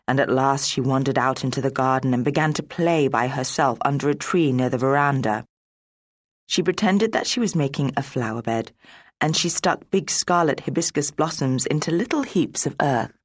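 A woman reads a classic story aloud in a measured, expressive way. Her voice sits low for a woman. The recording is close and dry, with no echo. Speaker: narrator. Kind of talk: storybook narration.

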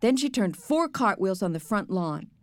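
A woman narrating a children's book in the first person with an even storytelling delivery. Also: mid-range voice, moderate pace, no echo, studio quality. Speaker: audiobook narrator.

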